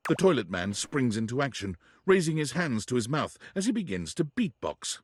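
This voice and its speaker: A man reading scripted video game narration in a wry, deadpan manner. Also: medium pitch, normal speed, slightly rough, no echo.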